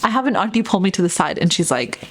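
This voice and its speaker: Animated woman telling a story. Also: on the low side, fast. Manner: animated storyteller, keeps saying "girl" and "okay". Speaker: podcast co-host. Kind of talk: casual chat.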